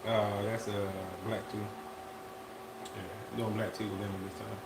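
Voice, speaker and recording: A man co-hosting a casual live-stream chat, talking in a relaxed, drawn-out way and often repeating his phrases. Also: on the low side, gravelly, heavy background noise. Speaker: podcast co-host. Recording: echoey room with faint ambience.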